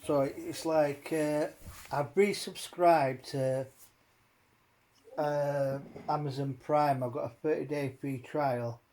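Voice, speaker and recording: Male host, unhurried and rambling, with a warm low tone and an easy cursing rant. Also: steady tone, slight background noise. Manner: rambling, swearing, ranting. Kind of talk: casual chat.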